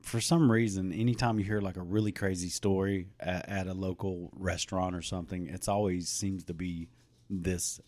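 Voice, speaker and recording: A middle-aged man co-hosting a casual podcast, joking around in a playful, halting way. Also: sits low, steady tone, a little mellow, dry recording. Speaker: podcast co-host.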